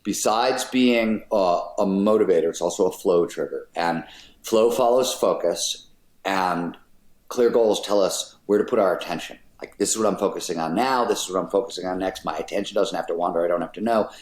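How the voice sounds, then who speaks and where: Brisk and low-voiced, this middle-aged man is a guest on a podcast, casually and emphatically explaining what he thinks and dropping a swear word occasionally. The laid-back interview was captured with a roomy echo.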